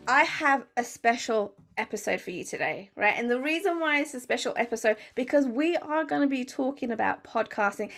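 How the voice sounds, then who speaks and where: A woman's voice: sits high, fairly bright tone. A woman hosting a podcast interview, talking in an effusive, gushing way about her guest. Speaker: podcast host. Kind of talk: enthusiastic interview chat.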